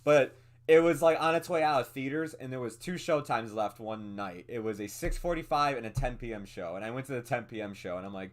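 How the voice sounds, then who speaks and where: A man's voice: mid-range voice, brisk. A man co-hosting a movie podcast, talking in a rambling casual way with frequent laughs and fillers. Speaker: podcast co-host. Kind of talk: casual movie review chat.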